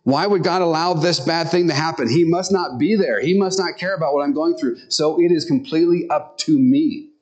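A man's voice: a little high, a little mellow. Earnest conversational male preacher. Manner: conversational and earnest, pace speeding and slowing; tells stories and acts out quotes. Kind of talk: sermon.

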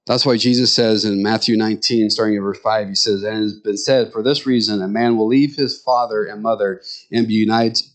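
Man preaching a conversational sermon. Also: mid-range voice. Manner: conversational, animated storytelling with quoted voices. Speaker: pastor.

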